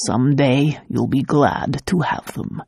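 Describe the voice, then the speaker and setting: A woman voicing a gruff, protective middle-aged uncle in an audiobook, speaking gravely and bluntly. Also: measured pace, mellow, no room sound, heavily acted. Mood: tender. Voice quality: low, gravelly and husky. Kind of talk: audiobook character voice.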